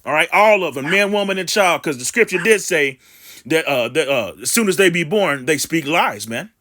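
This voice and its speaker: A man giving casual scripture commentary, rambling with restarts and blunt profanity, and reading verses slowly and emphatically. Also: a little high, expressive, sharp tone.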